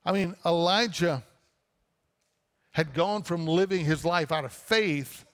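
A man's voice: fairly high pitch, slow, fairly bright tone, in a large hall. A man preaching a sermon, reading a scripture passage aloud and then explaining it with rhetorical questions. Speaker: pastor.

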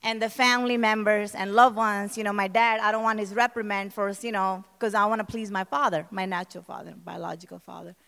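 A woman minister giving an emotional church testimony, speaking in a hall and building to passionate shouting. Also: mid-range voice, steady tone, fairly quick, vocal fry, hardly any pauses. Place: church service.

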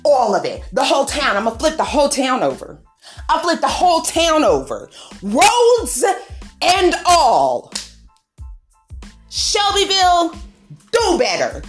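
A woman's voice: sits high, huge pitch swings, normal speed, faint music behind. A woman, venting angrily in a podcast monologue, swearing and laughing. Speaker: podcast host.

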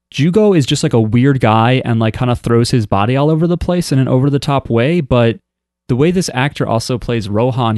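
A man chats loosely on a podcast, wandering through his thoughts with plenty of fillers. His voice sits at an ordinary middle pitch. The recording is dry and close. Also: a little mellow, no echo. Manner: rambling and chatty, with many "um" and "like" fillers. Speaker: podcast co-host. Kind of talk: casual chat.

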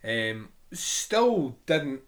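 A man's voice: mid-range voice, big pitch swings, extremely slow. A man co-hosting a casual film review chat, talking in long rambling runs with many restarts. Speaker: film podcast co-host.

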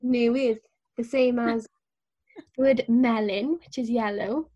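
A woman talks through a casual language lesson in a slightly breathy, husky voice that sits a little high. She is patient and encouraging, slowing down to model each word clearly. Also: steady tone, dark tone, muffled recording. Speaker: Welsh language teacher.

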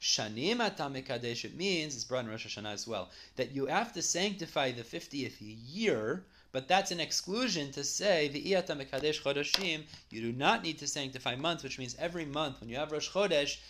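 A man with a slightly high, animated, fairly bright voice talks a little fast with few pauses as he gives a Talmud study lecture. He reads Aramaic phrases and translates each into plain English, explaining step by step in a conversational way and correcting himself in small ways as he goes.

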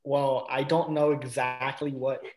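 A man's voice: medium pitch, flat delivery, a little slow, a little mellow. A man, a student, rambling and unsure as he answers the teacher. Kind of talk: classroom discussion.

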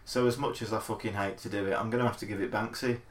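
Male podcast judge, low voice, dry wit, echoey room. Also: steady tone, quick pace. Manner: dry, teasing. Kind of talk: casual podcast chat. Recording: echoey room with faint hiss.

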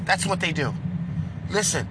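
A man giving loud, profane commentary in a rant that breaks into shouting. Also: high voice, expressive, moderate pace, heavy background noise. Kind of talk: ranting commentary.

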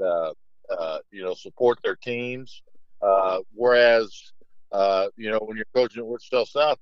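With a voice on the low side, a middle-aged coach of basketball rambles through anecdotes during an informal interview, restarting often and leaning on "you know." Quoting others brings out a livelier tone. There's no echo; the audio is dry, dull, and lo-fi.

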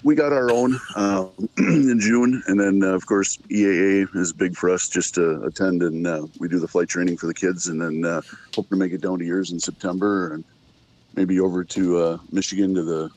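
A man as a podcast guest talking casually about his hobby, laid-back and halting with many fillers. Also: deep voice, fairly even intonation, a little mellow, rough recording. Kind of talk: casual chat.

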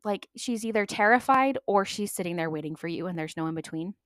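A young adult woman hosting a podcast, telling stories in a chatty, animated way and acting out the voices of people she quotes. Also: mid-range voice, fairly quick, no room sound, studio quality. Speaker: podcast host. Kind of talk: casual storytelling monologue.

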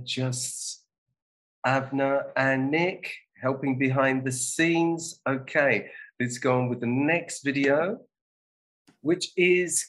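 A man hosts a casual live show, introducing videos with relaxed, wry asides. His voice sits at a middle pitch. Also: takes it slowly, low-quality recording. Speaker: host reacting to videos.

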